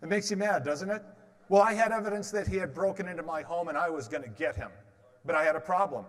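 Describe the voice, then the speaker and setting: High-voiced man telling stories in a reverberant hall. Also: fast talker. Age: 50s. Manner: storytelling, quizzes the audience with questions and jokes. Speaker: motivational speaker. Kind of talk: motivational stage talk with humor. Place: large hall with an audience. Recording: long reverb of a large hall.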